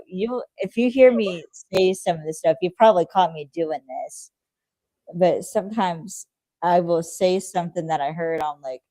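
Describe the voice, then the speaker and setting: Woman, low voice, relaxed, rambling, casual swearing, dry room. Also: no echo, low-quality recording. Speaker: co-host. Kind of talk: casual chat reacting to a TV episode.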